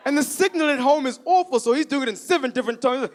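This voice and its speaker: Animated high-voiced stand-up comedian man. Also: fast, hardly any pauses. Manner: animated, loud, acts out voices.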